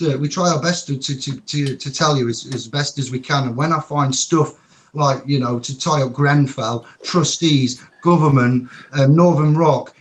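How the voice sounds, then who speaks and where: A man's voice: fairly high pitch, a bit bright. A man on a panel talk, emotional and rambling, swearing now and then. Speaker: panel guest. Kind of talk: impassioned panel chat.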